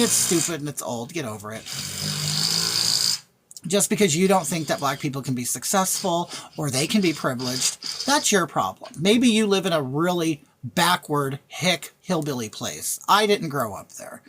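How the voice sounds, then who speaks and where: A deep-voiced woman reads her chat during a live stream, bluntly ranting, thanking viewers by name, and going over her points again and again. The background is noisy.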